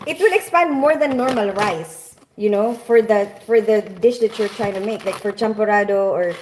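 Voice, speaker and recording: A woman from the Philippines hosts a casual live cooking stream, rambling and using lots of fillers as she cooks, chatting and reading comments. Her voice is medium-pitched at a normal pace, with slight background noise.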